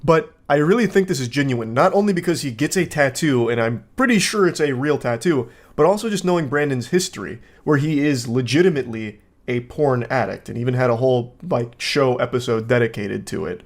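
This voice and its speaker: Man, online commentator, casual video commentary, sarcastic deadpan delivery. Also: medium pitch, fairly quick, hardly any pauses.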